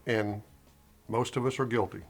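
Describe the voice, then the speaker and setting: A man's voice: on the low side, steady tone, normal speed. A man co-hosting a casual gunsmithing how-to, adding dry, wry asides and explanations. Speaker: gunsmithing co-host. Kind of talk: casual instructional banter.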